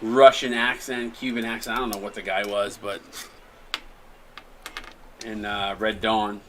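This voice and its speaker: A man with a fairly low voice and flat, unhurried delivery hosts a live stream with background noise. Calling a simulated basketball game, he chats casually with a co-host and viewers, rambling and restarting sentences.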